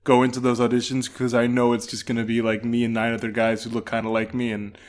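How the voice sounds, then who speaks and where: A young adult man hosts a casual podcast interview, talking fast in a medium-pitched, completely flat voice. He's easygoing and frequently restarts his sentences.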